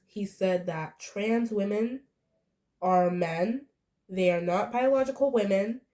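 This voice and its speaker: A woman's voice: mid-range voice, warm tone. A young woman giving an indignant, rambling reaction commentary, full of fillers.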